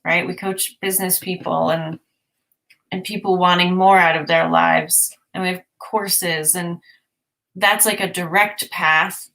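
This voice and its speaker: Slow, earnest woman co-host. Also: fairly low pitch, fairly bright tone. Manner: earnest, encouraging. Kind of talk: casual chat.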